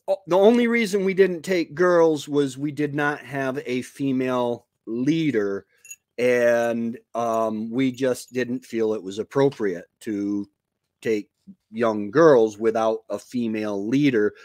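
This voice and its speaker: A man's voice: on the high side, no room sound, studio quality. A man in his fifties hosting a homestead live stream, chatting casually in a rambling way with lots of fillers and restarts. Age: 50s. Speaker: homestead show host. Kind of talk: casual livestream chat. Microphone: computer mic on a live stream.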